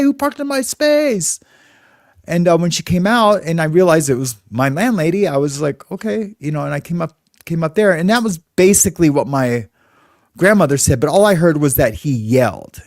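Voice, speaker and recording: A man's voice: on the high side, a little mellow, no echo, clean studio sound. A middle-aged man from California, hosting and telling a story in a casual, rambling way. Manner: rambling, conversational, many fillers. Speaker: host.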